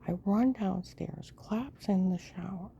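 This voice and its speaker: A woman rambling through a personal story in a monologue, often dropping into a hushed whisper. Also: medium pitch, a little slow, gravelly, muffled recording, a little hiss or hum. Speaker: storyteller recounting her own life.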